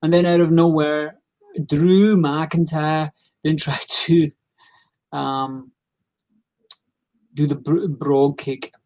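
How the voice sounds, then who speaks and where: A man's voice: on the high side, flat delivery, extremely slow, pauses often, darkish tone. A tired man giving a rambling, opinionated casual recap as host, full of fillers and restarts.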